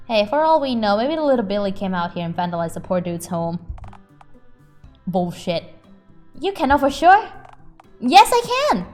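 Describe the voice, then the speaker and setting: A young adult woman streams a game in a playful, giggly way, swearing and reading lines aloud. Her voice sits at a middling pitch, with faint music behind her. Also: very animated, normal speed, long pauses, darkish tone. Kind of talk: casual game playthrough commentary.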